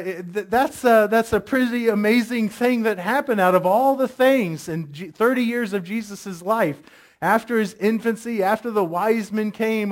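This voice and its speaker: A middle-aged male pastor giving a sermon, telling stories in a conversational way and asking the congregation questions. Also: high voice.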